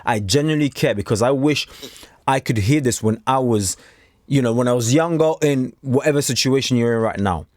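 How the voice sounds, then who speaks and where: A man's voice: medium pitch, brisk, a little mellow, no echo. A man from Africa giving a blunt, preachy motivational talk straight to camera, acting out the voices he quotes. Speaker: self-improvement coach.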